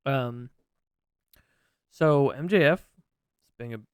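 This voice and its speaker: A man's voice: medium pitch, slow, clear, resonant tone, dry recording, clean studio sound. A man co-hosting a casual wrestling podcast, laid-back and jokey, rambling with restarts. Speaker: podcast co-host.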